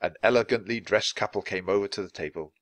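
A man reads a children's storybook aloud for English learners, clear and expressive. His low voice is bright and gravelly with a lively lilt, recorded close in a dry space. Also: fast, dry recording. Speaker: storybook reader.

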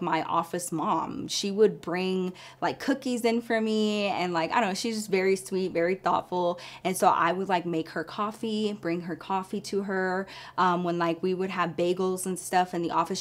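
A woman vlogger telling a personal story in a casual, chatty way, full of "like" and addressing viewers as y'all. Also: lowish voice.

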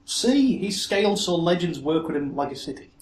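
Excitable man in an echoey room. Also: a little high, normal speed. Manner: excitable, laughs often, repeats words for fun. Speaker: podcast co-host. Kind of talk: casual chat. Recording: echoey room with faint hiss.

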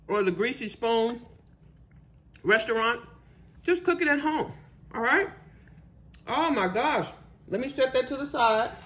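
Slow-talking exuberant woman. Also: a little high, pushed and bright. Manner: exuberant, exclaiming and humming while tasting food. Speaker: cooking channel host. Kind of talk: casual cooking vlog, tasting and chatting to viewers.

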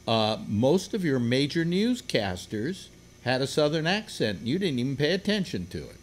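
A man's voice: medium pitch, big pitch swings, moderate pace. An older man hosting a casual group chat, rambling with many fillers and restarts. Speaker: radio host.

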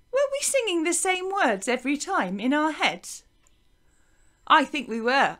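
A high, bright-voiced woman leads a music lesson for small children. She talks slowly and with lively encouragement, her voice lilting like a teacher coaxing a class to join in. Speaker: primary school teacher.

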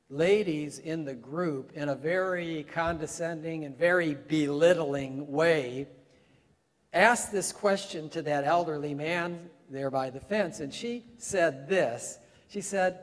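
Man, pastor preaching a sermon, fairly high voice, long church reverb. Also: takes it slowly. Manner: conversational preaching, swelling to emphatic peaks. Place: church sanctuary.

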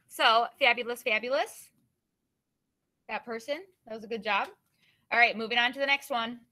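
Woman teacher, encouraging and upbeat with her class, bright and clear. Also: on the high side, normal speed, slight background noise. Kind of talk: classroom lesson.

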